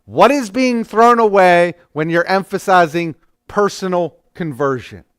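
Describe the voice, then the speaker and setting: A man's voice: high-pitched, lively intonation, measured pace, a bit bright, clean tone, no room sound, clean studio sound. A man teaching an adult church class in a conversational lecture, often restarting his sentences.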